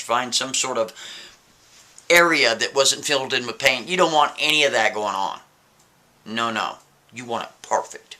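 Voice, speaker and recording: A man's voice: medium pitch, bright, forceful tone. A man telling a spooky story in a casual way, often checking in with the listener. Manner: casual, keeps asking "right?".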